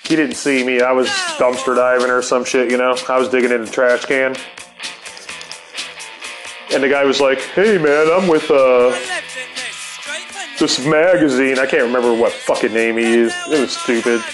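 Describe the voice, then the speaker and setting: A man's voice: mid-range voice, level tone, a little fast, over music, low-quality recording. A middle-aged man telling a rambling, profane anecdote and laughing often. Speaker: storyteller. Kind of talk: casual anecdote.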